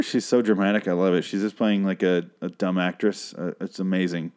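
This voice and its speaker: A man with a fairly low voice rambles through a TV episode recap, swearing freely and mocking the characters with dry sarcasm. He talks into a microphone he holds in his hand. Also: steady tone, fairly quick, darkish tone, clean tone. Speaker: podcast host recapping a TV episode. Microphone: handheld microphone.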